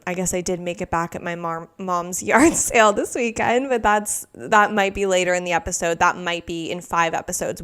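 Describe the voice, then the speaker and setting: A woman's voice: lowish voice, a bit bright. A woman hosting a podcast, ranting casually on her own, exasperated and swearing often. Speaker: podcast host. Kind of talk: casual solo rant.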